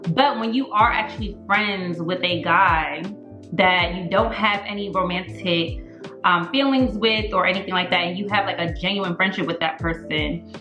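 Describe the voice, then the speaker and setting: A woman's voice: fairly low pitch, moderate pace, reverberant, music in the background. Candid, opinionated woman co-host. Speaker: podcast co-host. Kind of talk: casual opinionated chat.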